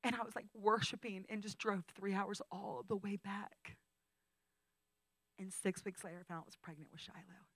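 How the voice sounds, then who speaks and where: A woman's voice: medium pitch, fairly even intonation, moderate pace, no echo, low-quality recording. Woman sharing an emotional testimony. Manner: intimate, emotional storytelling, swinging from hushed whispers to loud outbursts. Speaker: guest speaker. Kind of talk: testimony talk. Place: training school session.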